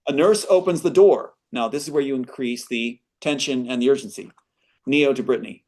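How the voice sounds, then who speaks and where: A man's voice: medium pitch, a little fast, a little mellow. A screenwriter reading his screenplay aloud as a guest, breaking off with earnest asides.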